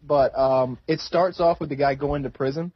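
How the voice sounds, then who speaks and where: A man's voice: fairly high pitch, fairly even intonation, moderate pace, husky, no room sound. A young man in casual chat, eagerly telling a story and acting out the quotes. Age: young adult. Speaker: podcast co-host. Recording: dull lo-fi audio.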